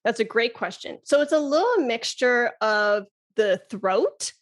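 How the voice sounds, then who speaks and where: A woman's voice: on the high side, expressive, unhurried. A woman flute teacher and podcast guest, talking enthusiastically and laughing often in a casual chat.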